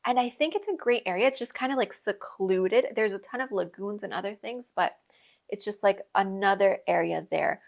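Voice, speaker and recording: A woman's voice: mid-range voice, normal speed, creaky. A young adult woman hosting a podcast, telling casual travel stories in a chatty way, with frequent laughs and lots of fillers. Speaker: podcast host. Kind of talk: casual storytelling.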